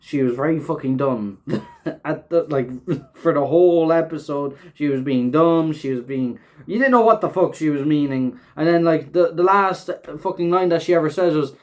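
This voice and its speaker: A man with a slightly high voice hosts a casual reaction recap. He rambles from point to point, leaning on fillers and restarts and swearing freely. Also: normal speed. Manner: rambling, filler-heavy, swears often, laughs while talking. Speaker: show host reviewing an episode.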